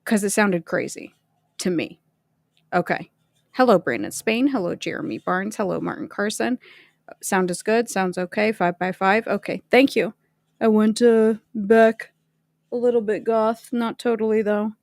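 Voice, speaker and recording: A woman's voice: medium pitch, unhurried, creaky, dry recording, clean studio sound. A woman hosting a casual livestream, chatting and greeting viewers by name. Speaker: livestream host.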